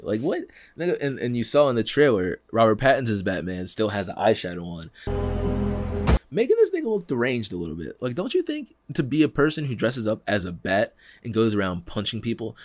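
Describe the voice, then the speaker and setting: A young man hosting a podcast in casual chat, animated and laughing, acting out quotes in slangy talk. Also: fairly low pitch, fairly quick, a little hiss or hum. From Pennsylvania, United States. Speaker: podcast host.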